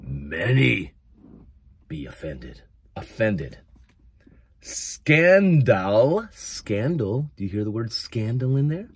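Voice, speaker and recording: American guy preaching a casual youtube sermon, husky voice, dry close mic, gets loud and mocking. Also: fairly low pitch, unhurried, dry recording. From United States. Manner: animated, rising to near-shouting in emphatic passages, mocking quoted voices.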